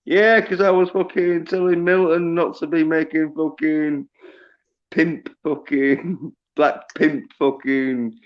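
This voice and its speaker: A man's voice: on the high side, fairly even intonation, slow, muffled recording. A man on a casual livestream, teasing and swearing freely. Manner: profane, teasing. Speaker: livestream guest.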